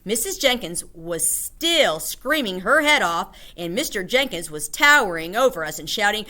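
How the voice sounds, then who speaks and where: A woman reading a children's book aloud with expressive storytelling. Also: medium pitch, normal speed. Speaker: storybook reader.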